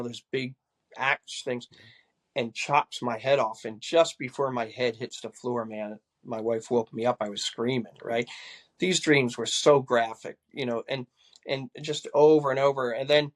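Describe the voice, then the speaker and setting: Older man telling a story haltingly. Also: mid-range voice. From California. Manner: halting, repeats words, acts out dialogue. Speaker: guest, retired police assistant chief. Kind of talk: casual storytelling interview.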